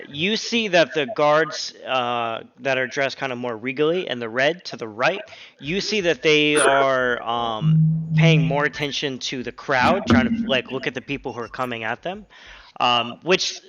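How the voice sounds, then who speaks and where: A man narrating as game master of a tabletop role-playing game, relaxed and hesitant, with many pauses and fillers. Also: medium pitch. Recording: slightly dull lo-fi audio with faint music.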